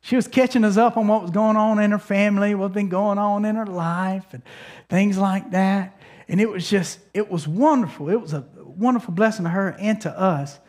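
A man's voice: high-pitched, normal speed, darkish tone. A male pastor preaching a sermon in a conversational, storytelling way, often restarting his sentences and calling on the congregation to respond.

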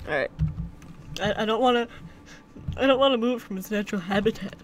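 A woman's voice: mid-range voice, steady tone, normal speed, pauses often. A young woman giving casual commentary while playing a game, rambling to herself and breaking into silly chants. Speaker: gameplay commentator. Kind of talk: casual let's-play commentary.

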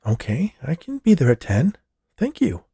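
A man voicing an upbeat young woman, talking with excited energy. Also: on the high side, moderate pace, vocal fry, husky, dry recording, studio quality, pitched above the performer's own voice, heavily acted.

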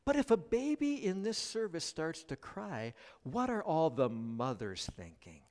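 A middle-aged male pastor preaching a sermon at a church service, joking with the congregation as an animated storyteller. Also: fairly high pitch, a little slow. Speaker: guest pastor.

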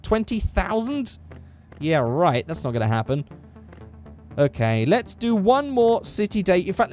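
A man's voice: fairly high pitch, darkish tone. A young man giving sarcastic, exasperated running commentary while playing a driving game. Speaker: gaming channel host. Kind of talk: let's play commentary.

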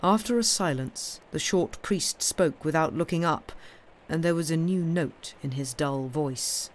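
A woman's voice: sits low, unhurried. Woman reading a classic mystery aloud. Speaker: reader.

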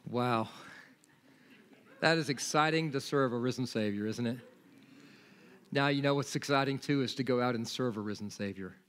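Animated man preaching a sermon. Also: medium pitch, normal speed, long pauses, a little hiss or hum. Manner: animated storytelling with acted-out dialogue; earnest, pleading exhortation. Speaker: pastor. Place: church sanctuary.

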